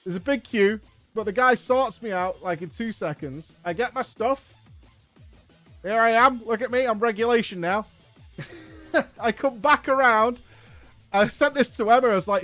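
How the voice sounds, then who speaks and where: A man streaming games, telling an exasperated anecdote in an animated, profane way. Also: sits high, moderate pace, no echo, faint music behind. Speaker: gaming streamer. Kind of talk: casual anecdote on a live stream.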